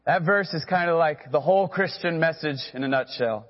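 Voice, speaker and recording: Male pastor, earnest sermon, high voice, long reverb, dull lo-fi sound. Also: a little fast. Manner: earnest, calls on the congregation to repeat phrases.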